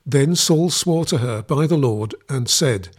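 Slow, breathy man reading scripture. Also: medium pitch. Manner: measured, steady, reverent reading. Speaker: Bible reader.

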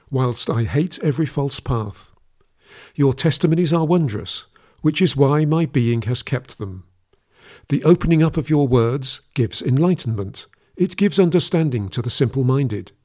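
A man giving a solemn scripture reading in a measured, even recitation, his voice dropping lower each time he addresses the Lord. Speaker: scripture reader.

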